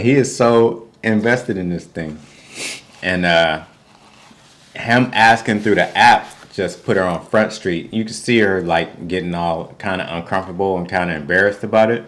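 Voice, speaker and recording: A man co-hosting a casual reality TV recap, animated and slangy, jumping into a high voice to act out quotes. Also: normal speed. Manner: informal, slangy. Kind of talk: casual recap chat over a meal.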